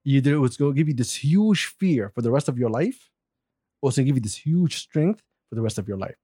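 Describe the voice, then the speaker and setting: A man in his forties from Saudi Arabia telling a story in casual chat, animated, laughing often and swearing freely. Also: mid-range voice, brisk, husky, dry recording, clean studio sound. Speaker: guest.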